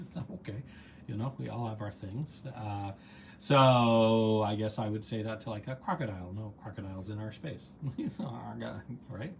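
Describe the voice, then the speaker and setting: A man coaching and hosting a live online gratitude session chats warmly, encourages his audience, reads their comments, and meanders into side stories. His voice sits on the low side with vocal fry, at a moderate pace. A faint hiss or hum is audible.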